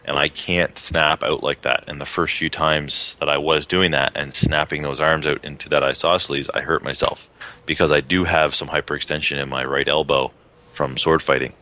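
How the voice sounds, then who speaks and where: A man co-hosting a casual podcast, talking in a halting, agreeable way with frequent restarts. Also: very deep voice, flat delivery, bright, forceful tone, highs cut off. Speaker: podcast co-host, shooting club president.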